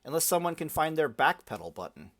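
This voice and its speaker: Profane rambling gaming podcast host. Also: male voice, fairly high pitch, big pitch swings, quick pace, fairly bright tone. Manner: profane, rambling, lots of restarts. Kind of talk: casual gaming podcast chat.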